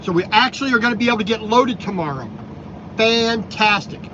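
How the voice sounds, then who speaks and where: A man's voice: high voice, expressive, rapid-fire. A man from Minnesota vlogging from his truck cab, making wry, grumbling remarks about other drivers and his loads. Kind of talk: casual vlog commentary while driving. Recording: dull lo-fi sound with loud road noise.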